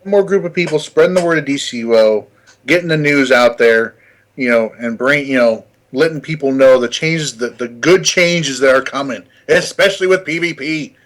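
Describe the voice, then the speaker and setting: A man's voice: mid-range voice, moderate pace, fairly bright tone. A man chatting casually on a gaming podcast, rambling, restarting his words and laughing often. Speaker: podcast panelist.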